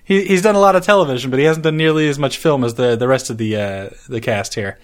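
A man's voice: mid-range voice, quick pace. A man co-hosting a podcast, chatting casually about a movie with wry quips. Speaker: podcast co-host.

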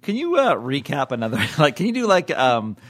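Animated, bright-voiced male podcast host. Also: on the high side, fairly quick. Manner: animated, jokey, swings into mock outbursts. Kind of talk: casual chat.

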